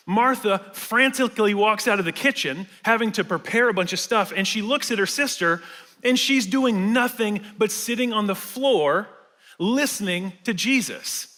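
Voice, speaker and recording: A man with a high, bright voice gives a sermon, chatty and loose, full of little fillers and jokes. His voice rings out through a large church hall with a long reverb tail. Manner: casual, conversational preaching with fillers and humor. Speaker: pastor.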